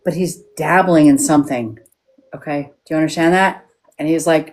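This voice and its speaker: A woman's voice: sits low, fairly even intonation, brisk, a little mellow. A woman working as a psychic medium on a live stream, frank and checking in with yes-or-no questions.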